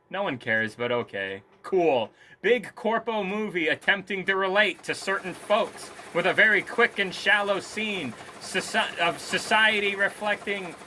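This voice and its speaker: A man's voice: high-pitched, pushed and bright, a little hiss or hum. A man ranting in a casual, profane video review, scornful and sarcastic. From Korea. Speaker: movie reviewer.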